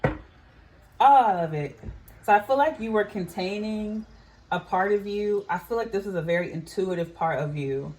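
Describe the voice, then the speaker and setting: A woman's voice: mid-range voice, moderate pace, a little mellow, slight background noise. A woman giving a casual tarot reading to her viewers, musing aloud and often saying "I feel like". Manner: chatty, musing, frequent "I feel like". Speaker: tarot reader. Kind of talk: casual psychic reading to camera.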